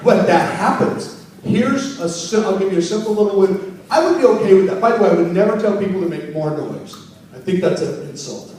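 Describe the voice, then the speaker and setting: A man's voice: high-pitched, a little fast, a little mellow, slight background noise. A man who works as a wedding emcee, teaching a live workshop and playfully teasing his audience. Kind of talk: live seminar talk to an audience. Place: conference room. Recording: very echoey hall, mic far off.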